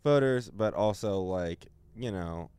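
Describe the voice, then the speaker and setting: A man's voice: on the low side, takes it slowly, mellow, clear, resonant tone, no room sound. A man co-hosting a casual podcast, laid-back and wisecracking, filling his talk with "like" and "you know". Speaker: podcast co-host.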